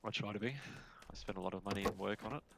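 A man on voice chat as a squad teammate, making dry, deadpan remarks. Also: lowish voice, fast, creaky. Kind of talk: casual gaming chat. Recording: loud noisy voice chat.

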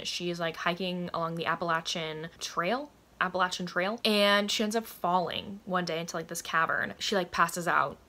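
With a fairly low but bright and forceful voice, this book reviewer chats enthusiastically in a casual vlog. She fills her sentences with "like" and breaks into laughter frequently.

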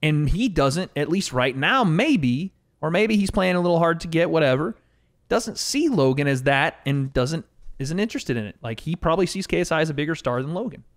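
Man, casual podcast chat, lively up-and-down voice, slightly high, talkative, reacting to clips. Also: a little fast. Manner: animated, talkative, swears casually.

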